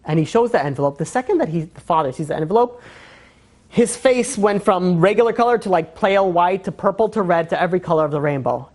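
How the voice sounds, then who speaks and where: A man, a rabbi, telling a story in a sermon with lively energy, acting out the people in the tale and filling his talk with fillers and restarts. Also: high-pitched, quick pace.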